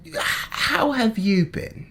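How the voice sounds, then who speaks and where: A man's voice: very high voice, lively intonation, slow, gravelly, fairly bright tone, slightly rough, voice pushed up, exaggerated voice. A man voicing a posh, fussy man who has lost a diamond heirloom, in a clumsy put-on posh accent and a theatrical, fretful way of talking.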